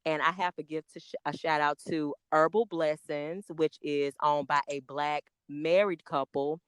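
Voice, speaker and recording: A woman, chatting as a guest on a podcast, excitable and talkative, spelling out names letter by letter. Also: low voice, moderate pace, clear, resonant tone, no room sound. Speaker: podcast guest, makeup artist. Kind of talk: casual podcast chat.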